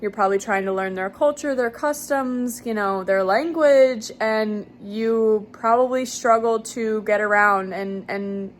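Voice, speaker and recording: A young woman recording a casual video diary on her phone, reflecting aloud with many ums and pauses. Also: on the high side. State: slightly out of breath. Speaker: vlogger.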